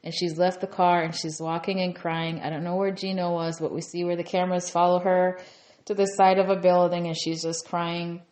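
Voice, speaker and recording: Lady rambling through a tv recap, lots of "you know", kinda low voice, roomy echo. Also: little pitch movement, moderate pace, a little mellow. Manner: chatty, rambling with many "you know" fillers. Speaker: TV recap reviewer. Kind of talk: casual episode recap.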